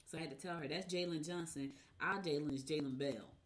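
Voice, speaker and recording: A woman hosting a radio show, reading horoscopes in a casual, chatty way and rambling into personal asides. By her own account she talks fast. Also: sits low.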